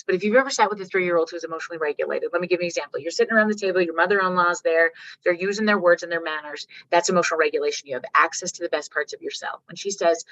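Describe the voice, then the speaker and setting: A woman from Canada giving a workshop talk, telling stories with animated, salty language and checking in with her audience. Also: fairly low pitch, fast, no room sound. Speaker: workshop speaker. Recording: dull lo-fi dry sound.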